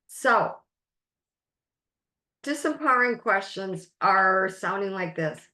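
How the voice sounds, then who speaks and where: This is a woman life coach teaching a masterclass at an unhurried, deliberate pace. Her voice sits somewhat high and she leans on each phrase. The room around her gives a noticeable echo. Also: a bit bright. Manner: slow, emphatic, drawn-out phrasing. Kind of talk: webinar coaching talk.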